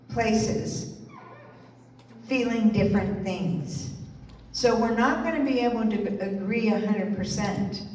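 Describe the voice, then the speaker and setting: A woman's voice: mid-range voice, a little mellow, a little hiss or hum. A woman giving an encouraging sermon at a church service and asking the congregation to answer her. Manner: encouraging, calls for congregation responses. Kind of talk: inspirational sermon talk. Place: church sanctuary. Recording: echoey hall, distant mic, faint music.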